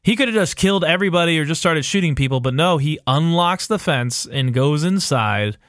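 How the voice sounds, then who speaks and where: This podcast co-host has a fairly high, lively voice, a little fast and a bit bright, captured in clean studio sound with no room noise. He rambles through a profane, casual TV episode recap stuffed with fillers and quoted asides.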